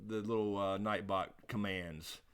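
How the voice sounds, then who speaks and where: A man's voice: fairly low pitch, fairly even intonation, a little slow, a bit bright, smooth. A man co-hosting a casual live question-and-answer stream, laid-back, laughing often and swearing freely. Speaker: livestream co-host.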